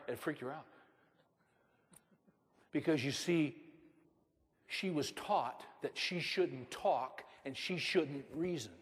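A man's voice: fairly high pitch, slow, long pauses, breathy edge, big-room sound. A man preaching a sermon as a pastor, moving from storytelling to emphatic preaching.

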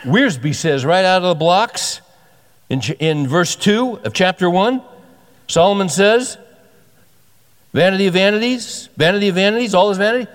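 A man preaching a sermon as a pastor, conversational and emphatic, often repeating himself for stress. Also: high-pitched. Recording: long hall reverb.

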